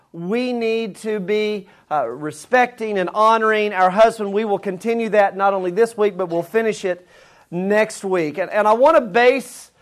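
A male pastor giving a sermon series in a conversational, unhurried way, pausing with fillers as he leads into scripture. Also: high-pitched. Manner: conversational, with frequent fillers and restarts.

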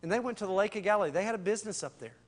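A man preaching a sermon in a conversational, slangy way, swinging between loud and hushed. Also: high-pitched, rapid-fire. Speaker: pastor.

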